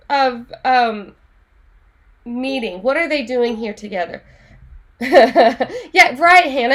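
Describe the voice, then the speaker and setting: A woman teaching an online Spanish class in a chatty, animated way, laughing often. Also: sits high, slow pace, long pauses.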